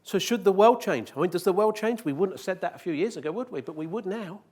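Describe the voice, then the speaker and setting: In a conference hall, a man presents live, joking with the audience and posing rhetorical questions. His voice sits high and is a little mellow, and he talks fast and animatedly.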